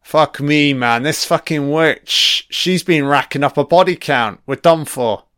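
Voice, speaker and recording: A British man giving a casual commentary on a film. He reacts out loud and swears often as he rambles. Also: a little high, unhurried, clear, resonant tone, no room sound, studio quality. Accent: British English.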